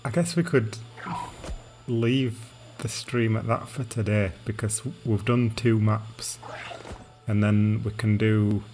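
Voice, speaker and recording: A man streaming a game live, chatting casually and narrating what he does in a relaxed way. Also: fairly low pitch, slow, faint music behind. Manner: relaxed, narrating his gameplay.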